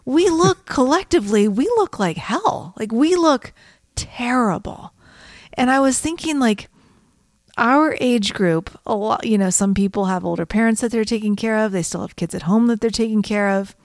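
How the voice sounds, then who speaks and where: A woman's voice: fairly high pitch, animated, moderate pace, no echo, studio quality. A middle-aged woman co-hosting a podcast, chatting with a wry, observant manner. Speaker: podcast co-host. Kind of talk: casual chat.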